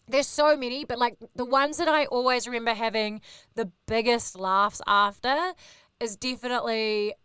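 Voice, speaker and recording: A woman in her thirties with a New Zealand accent, a radio host telling animated, sweary backstage stories in casual chat. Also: on the high side, normal speed, clean tone, no echo, studio quality. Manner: animated, swears, acts out others in quoted voices. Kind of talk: casual storytelling.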